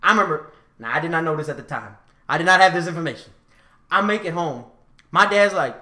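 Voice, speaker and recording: A man with a bright, lively voice tells stories on a casual podcast, swearing freely and laughing as he goes. His pitch swings widely as he acts out each scene. The room has a noticeable echo. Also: fast. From Houston, Texas. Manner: animated, profane storytelling, laughing often. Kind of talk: casual storytelling chat.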